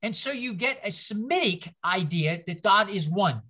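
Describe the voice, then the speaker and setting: Lively, bright-voiced older male lecturer. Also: high-pitched, moderate pace. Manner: rambling storytelling with self-mocking humor; repeats words and restarts often. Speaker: Bible class lecturer. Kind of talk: conversational lecture.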